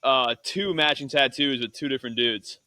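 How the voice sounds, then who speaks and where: A man's voice: mid-range voice, normal speed, sharp tone, dry recording, poor audio. A man on a video call chatting casually, laid-back and hesitant, full of fillers. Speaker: guest. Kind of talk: casual chat.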